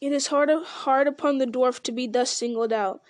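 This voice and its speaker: A woman reading aloud the lines of a calm, commanding male ranger who leads the company. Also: high voice, normal speed, no echo, lightly acted. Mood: firm.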